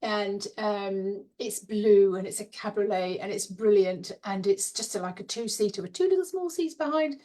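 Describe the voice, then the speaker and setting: A woman's voice: mid-range voice, normal speed, hardly any pauses, warm tone. Chatty woman, dreamy talk. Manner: chatty, dreamy, laughs often. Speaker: spiritual teacher and card reader. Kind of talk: casual guided visualization talk.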